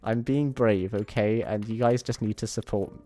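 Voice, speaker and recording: Playing a game from his bedroom, a young streamer chats and rambles playfully to his audience. He speaks in a lowish, dark-toned voice at a moderate speed, with soft music underneath.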